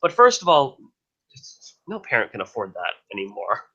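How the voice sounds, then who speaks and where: A man's voice: medium pitch, wildly swooping pitch, moderate pace, pushed and bright, muffled recording. A man co-hosting a casual podcast, rambling with many restarts and fillers. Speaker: podcast co-host.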